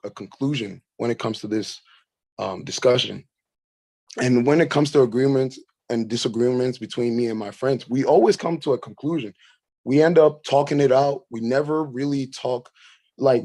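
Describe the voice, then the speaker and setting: A man's voice: mid-range voice, darkish tone, no echo. Brief: opinionated guy on a podcast, blunt and rambling, dry close sound. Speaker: podcast guest. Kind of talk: casual debate chat.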